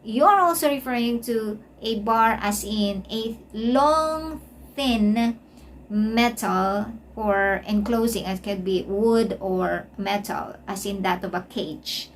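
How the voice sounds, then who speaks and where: A woman's voice: mid-range voice, slow, slight background noise. A woman teaching an English lesson, spelling out words letter by letter and often checking in with "okay?". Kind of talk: explanatory lesson.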